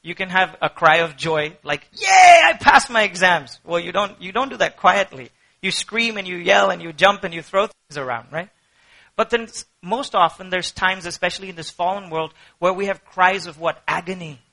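A male pastor preaching a sermon in a high voice. His tone is bright and ringing, with a piercing edge. He swings from impassioned cries to soft, hushed prayer. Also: normal speed, low-quality recording.

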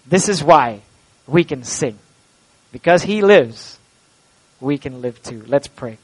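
A man preaching an Easter sermon in a church and leading a closing prayer, impassioned and swinging from loud to hushed. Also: a little high, lively intonation, slow, long pauses, rough recording. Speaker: pastor. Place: church sanctuary.

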